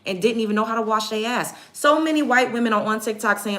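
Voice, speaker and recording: Her pitch is on the high side and a bit bright, her pace moderate with hardly any pauses. This vlogger, who has an African American English accent, delivers a blunt, sarcastic, profanity-heavy get-ready-with-me rant to the camera.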